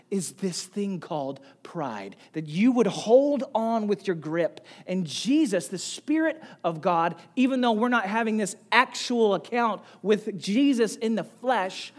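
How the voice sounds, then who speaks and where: A middle-aged man, a pastor, preaching a sermon with animated storytelling that swings from quiet to loud. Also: high voice.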